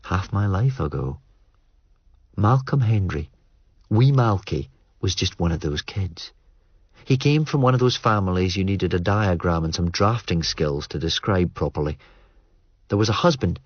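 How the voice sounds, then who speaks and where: A man narrating an audiobook in a measured, understated way. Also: low voice, husky, no room sound. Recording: muffled dry studio read.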